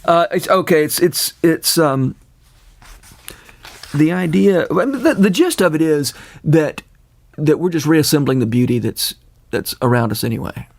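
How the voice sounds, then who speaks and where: Gravelly older Southern man hosting. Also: fairly high pitch, animated, dry recording. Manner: halting, repeats words, gravelly. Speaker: podcast host. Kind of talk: casual conversation.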